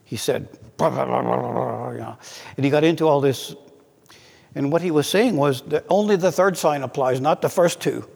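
A man preaching a sermon in an earnest way, slowing down to read scripture aloud. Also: on the high side, vocal fry, a little mellow, breathy edge, in a large hall.

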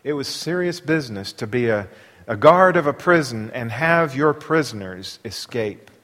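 A man's voice: medium pitch, lively intonation, normal speed. Preacher man in a reverberant hall. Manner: rhetorical questions, swings from quiet asides to loud reading. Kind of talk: sermon.

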